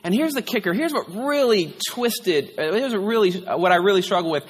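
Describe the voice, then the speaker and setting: A man's voice: high voice, lively intonation, fairly quick, slight background noise. A male pastor preaching a candid, conversational sermon, sharing a personal story. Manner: candid, conversational, tearful at times, frequent "right?". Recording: long hall reverb.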